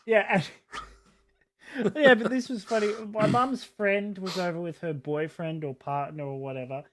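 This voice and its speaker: A man co-hosting a podcast, telling a personal story in a halting way with many restarts and acted-out quotes. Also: high voice, fairly even intonation, a bit bright. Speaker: podcast co-host. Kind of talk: casual storytelling chat.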